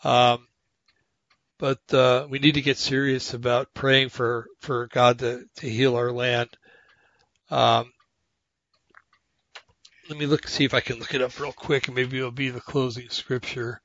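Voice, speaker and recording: A man hosting his own podcast, reading scripture aloud in a halting, earnest way, with many pauses and self-corrections. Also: medium pitch, level tone, a bit bright, no echo, muffled recording. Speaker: podcast host.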